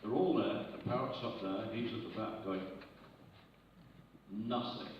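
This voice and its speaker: This live stand-up set comes from a comedian in his 80s with a lowish voice, delivering brisk anecdotal jokes with quick asides on stage in an arts centre auditorium. It was recorded from a distance in the audience, so the hall sounds echoey, dull and noisy.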